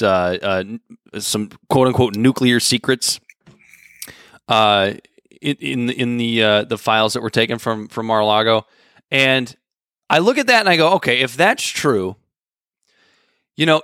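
Bright-voiced man in halting casual talk. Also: lowish voice, dry recording, studio quality. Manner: halting, many restarts and fillers. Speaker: podcast co-host. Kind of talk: casual political chat.

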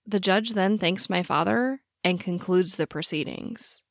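A woman narrating a true-crime story in a measured, personal scripted style. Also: fairly low pitch, gravelly, no echo, studio quality.

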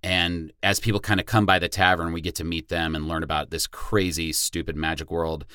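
A man in his forties, a podcast guest telling stories in a relaxed way with easy laughs. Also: low voice, brisk, smooth, no room sound, studio quality. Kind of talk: casual podcast chat.

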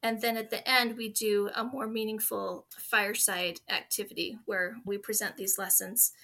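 An earnest woman in her forties talks warmly and sincerely as a podcast guest. Her voice sits a little high and rings bright. She speaks in a heartfelt, conversational way. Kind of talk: conversational interview.

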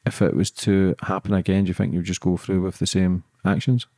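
Man, fast talker, dark mellow tone, dry close mic, casual podcast host. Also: low-pitched, level tone, no room sound. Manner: casual, blunt, filler-heavy questions. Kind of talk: conversational podcast interview.

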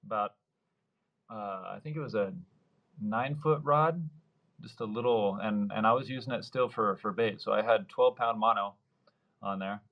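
A man's voice: fairly low pitch, highs cut off. Man in his thirties telling a fishing story. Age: 30s. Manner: lively storyteller, acts out quoted dialogue. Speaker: surf fishing guide, podcast guest. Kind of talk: casual storytelling interview.

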